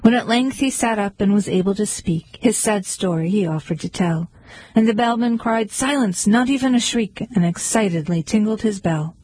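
A woman reading poems aloud in a measured recitation. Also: mid-range voice, mellow, slightly rough, no echo, low-quality recording. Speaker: reader. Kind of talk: poetry reading.

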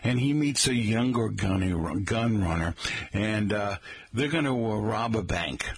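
A man's voice: lowish voice, expressive, a little slow, slightly rough, no echo. A middle-aged man from the Boston area hosting a rambling, chatty talk monologue and calling his listeners folks.

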